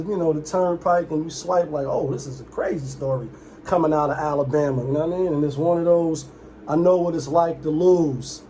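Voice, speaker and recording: This casual commentary vlog comes from a young man whose voice is slightly higher. As the channel's host, he rambles, darting between asides and fast impressions in an animated, loose style. Faint room hiss can be heard underneath.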